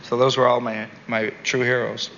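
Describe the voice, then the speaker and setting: A Canadian man in an interview, telling a rambling, animated story and laughing at his own jokes. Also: medium pitch, normal speed. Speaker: entertainer and guest. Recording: dull recording with long reverb, faint noise.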